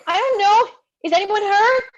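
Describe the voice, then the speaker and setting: An eager young writer with big dreams, read by a woman, firing off quick questions. Her voice sits high and swoops all over the place. The audio sounds a little dull. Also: sing-song. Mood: excited. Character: young woman aspiring writer leading the group. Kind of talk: live play reading.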